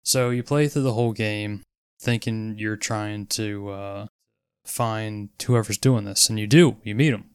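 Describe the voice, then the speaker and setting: A man in casual chat, explaining quickly and eagerly, swearing freely. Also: fairly low pitch, steady tone, smooth, no room sound.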